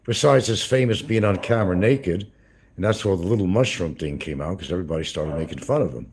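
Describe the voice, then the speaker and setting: A man's voice: low voice, animated, fast talker, darkish tone, a little hiss or hum. A man hosting a livestream, rambling through crude gossip with swearing and chuckles. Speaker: livestream host. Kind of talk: casual livestream commentary.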